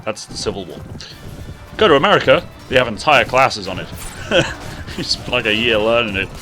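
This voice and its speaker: A man's voice: medium pitch, expressive, normal speed, sharp tone. A man with a sore throat and a fading voice, chatting casually with his viewers while streaming a game. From England. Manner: chatty, rambling, talks to chat while playing. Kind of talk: casual live-stream gaming commentary. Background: background music.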